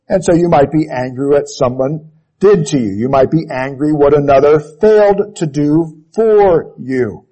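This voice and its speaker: A man preaching with deliberate, unhurried weight, hammering his points home through repetition. His voice is husky and mellow, and he often sinks to a hushed, heavy close at the end of a phrase. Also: poor audio. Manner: emphatic, repeats key phrases, drops to low intensity on closing words. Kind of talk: sermon.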